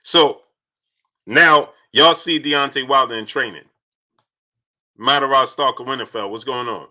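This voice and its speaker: Man, boxing stream host, bright voice, greets chat by name, repeats himself. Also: mid-range voice, a little slow. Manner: repetitive, animated, shouts out chat viewers.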